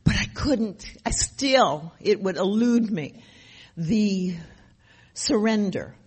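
A woman's voice: mid-range voice, lively intonation, takes it slowly, slightly rough. An older woman sharing her recovery story at a meeting, emphatic and repetitive, often asking rhetorical questions. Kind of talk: personal testimony at a recovery meeting.

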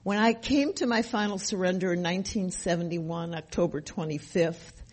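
A woman's voice: lowish voice, moderate pace, darkish tone. An older woman sharing her recovery story at a meeting, emphatic and repetitive, often asking rhetorical questions. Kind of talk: personal testimony at a recovery meeting.

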